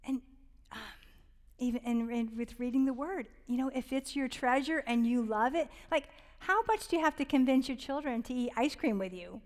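Woman, higher voice, heartfelt rambling devotional parenting talk, long reverb tail. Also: moderate pace. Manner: earnest and heartfelt, drops to a whisper on tender points; rambling, many fillers and restarts. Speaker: Christian parenting speaker.

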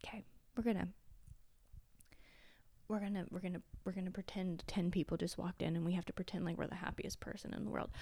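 Solo podcast host, woman in her thirties, tearful, swears freely, mellow tone, dry close sound. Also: on the low side, steady tone, quick pace, no room sound. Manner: candid, blunt, swears freely. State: tearful, sniffling. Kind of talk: confessional solo podcast talk.

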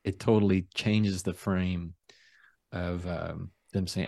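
Very low-voiced, calm, slow-talking man. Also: gravelly, no echo, studio quality. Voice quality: deep voice. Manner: slow, calm, deliberate delivery. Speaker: guest, trial lawyer. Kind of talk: casual interview talk. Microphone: video call.

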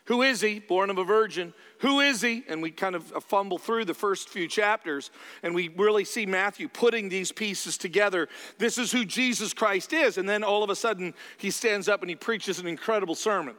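A man's voice: sits high, moderate pace, bright, forceful tone. A male pastor preaching a sermon in a church, in a conversational style that acts out his listeners' replies. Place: church sanctuary. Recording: long reverb from a large hall.

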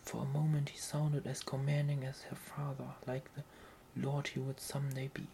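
A narrator softly whispering a fantasy novel aloud in whispered role-play, slow and even. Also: mid-range voice, gravelly, a little hiss or hum, low-quality recording.

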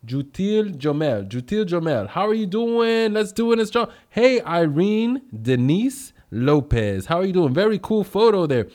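A man's voice: high voice, animated, a little slow, few pauses, darkish tone. A man hosting a casual livestream, upbeat as he greets viewers by name and drifts into rambling asides. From United States. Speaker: livestream host.

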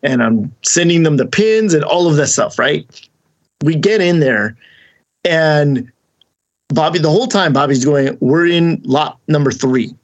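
A man hosting a podcast, telling a long story in casual chat, rambling and animated, acting out the voices of the people he quotes. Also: a little high, a little slow, long pauses, lo-fi sound. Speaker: podcast host.

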